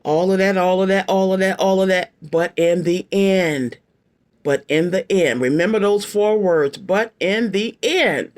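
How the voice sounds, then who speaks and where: A woman's voice: on the low side, moderate pace, a little mellow, clear, resonant tone. A woman in her late fifties giving a casual tarot reading to her viewers, blunt and emphatic, repeating her phrases and using slangy, folksy talk. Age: 50s. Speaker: tarot card reader.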